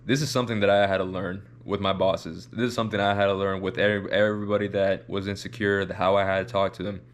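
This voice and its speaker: A man with a fairly low voice talks through a reaction video in casual, rambling commentary. He restarts and repeats words as he works his ideas out. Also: little pitch movement, fast talker.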